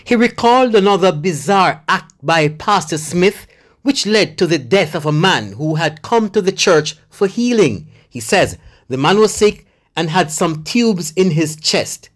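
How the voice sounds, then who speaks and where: Measured TV news reporter voiceover. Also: medium pitch, expressive. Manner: measured, formal report delivery. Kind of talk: scripted news narration.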